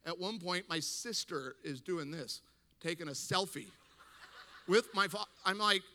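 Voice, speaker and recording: A man speaking to a men's gathering, telling a funny story in an animated way, laughing and acting out voices. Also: sits high, measured pace, in a large hall, slight background noise. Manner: animated, acts out quoted voices, laughs often. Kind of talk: humorous storytelling talk.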